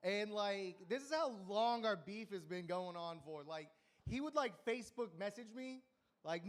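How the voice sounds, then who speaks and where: A young man doing a rambling, crude stand-up set at an open mic with deadpan punchlines. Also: sits high, a little fast. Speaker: stand-up comedian.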